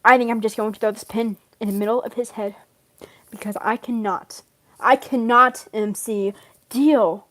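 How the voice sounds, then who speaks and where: A woman's voice: on the high side, fairly even intonation, normal speed, fairly bright tone, lightly acted. A woman doing a weary male demon butler. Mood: exasperated. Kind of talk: fan role-play impression.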